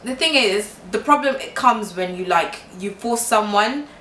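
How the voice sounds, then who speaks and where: A young woman from Kenya co-hosting a casual vlog, talking in a chatty, animated way with lots of fillers. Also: mid-range voice, moderate pace. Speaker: vlogger co-host. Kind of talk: casual chat. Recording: echoey room with faint noise.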